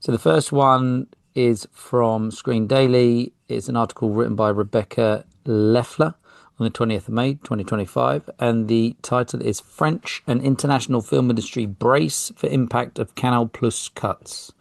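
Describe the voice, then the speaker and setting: A man's voice: medium pitch, steady tone, moderate pace, creaky, no echo, clean studio sound. A man with a British accent hosting a podcast, reading news articles aloud and adding casual, self-deprecating commentary, tripping over foreign names. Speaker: podcast host.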